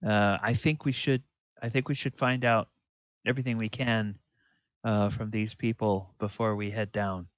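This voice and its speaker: A man doing an eager male adventurer, earnest, clear-voiced, slightly muffled lo-fi sound. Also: fairly low pitch, steady tone, moderate pace, no echo, natural voice. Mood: urgent.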